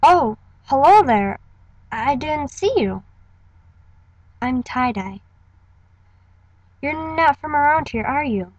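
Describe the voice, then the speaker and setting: A cheery, welcoming young woman with a fairly high voice, as a woman reads her for an audition. She sounds a bit dull and lo-fi, in a dry room with no echo. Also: lively intonation, takes it slowly, pauses often, a little mellow. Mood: friendly. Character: friendly chatty young woman welcoming a newcomer. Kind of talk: voice acting audition.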